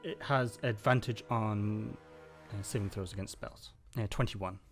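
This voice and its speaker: A man narrating as game master of a tabletop game, describing the action in a calm, descriptive way. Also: lowish voice, measured pace, faint music behind.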